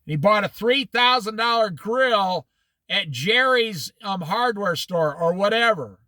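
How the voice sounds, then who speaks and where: A man teaching a casual Bible study, animated and folksy, laughing at his own stories. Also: high-pitched, unhurried, dry recording.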